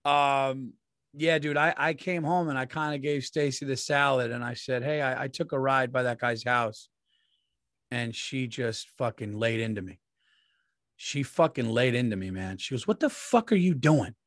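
A man's voice: medium pitch, fairly even intonation, moderate pace, a bit bright, no echo. Laid-back man, dry close sound. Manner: laid-back, profane anecdote-telling. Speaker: podcast co-host. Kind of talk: casual comedic chat.

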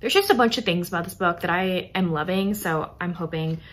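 A young woman book vlogger chats enthusiastically and casually about romance novels, using lots of fillers. Her voice is fairly low and her delivery brisk.

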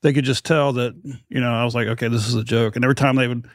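A man's voice: medium pitch, fairly even intonation, racing, dry recording, clean studio sound. A middle-aged American man, a podcast host being interviewed, telling a rambling, self-deprecating story and acting out the voices of others. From United States.

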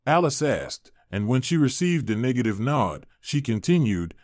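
Male storyteller, mid pitch, steady scripted narration, dry. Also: normal speed, hardly any pauses, dry recording.

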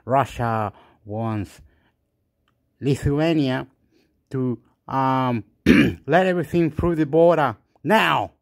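A man's voice: mid-range voice, slow, vocal fry. A man delivering a rambling, repetitive rant with crude outbursts and chanted phrases. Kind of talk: rambling ranting monologue.

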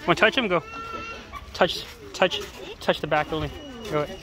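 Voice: medium pitch, animated, normal speed, over music. A parent casually narrating a family vlog outdoors, playfully encouraging a child and talking to viewers. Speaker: parent vlogging a family outing. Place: outdoor zoo. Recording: outdoor recording with crowd noise. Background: crowd of visitors.

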